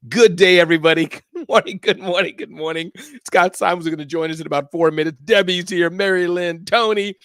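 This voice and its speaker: A man hosting a live online talk show, greeting listeners by name with energetic, playful shout-outs. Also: high-pitched, brisk, few pauses, clean tone, dry recording, clean studio sound. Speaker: host.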